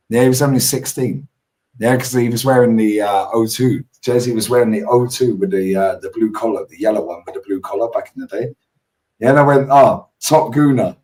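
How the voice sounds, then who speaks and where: Slangy London streamer, heard from afar. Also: male voice, medium pitch, distant mic, rough recording. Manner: animated, swearing, storytelling slang. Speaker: football streamer host. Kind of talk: casual chat.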